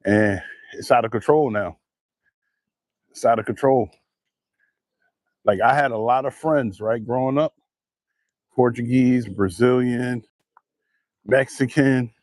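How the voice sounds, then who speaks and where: A man telling a story in a profane, animated casual rant. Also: mid-range voice, no echo. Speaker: vlogger.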